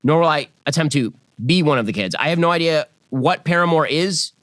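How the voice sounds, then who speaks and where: A man's voice: on the high side, fairly quick, a bit bright, no room sound. A man in his thirties delivering a scripted commentary monologue in a sarcastic, mocking way. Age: 30s. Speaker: political commentator.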